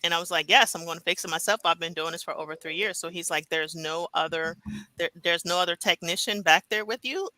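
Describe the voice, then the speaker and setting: A woman who runs a repair shop, telling a relaxed anecdote on a video call. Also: on the low side, fast talker, dry recording, rough recording. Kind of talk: casual panel chat.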